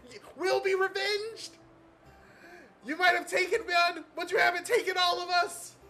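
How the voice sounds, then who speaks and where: A man voicing a zealous male cultist prisoner in a high, strained fanatical voice. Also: steady tone, a little slow, pushed and bright, faint music behind, exaggerated voice. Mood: defiant.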